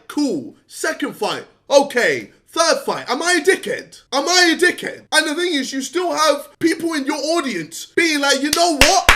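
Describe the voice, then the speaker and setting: A man's voice: extremely high pitch, bright, forceful tone. Exasperated young man ranting at a friend. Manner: exasperated, scolding, swearing, laughing between points. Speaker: vlogger addressing a fellow creator. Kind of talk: direct-to-camera rant.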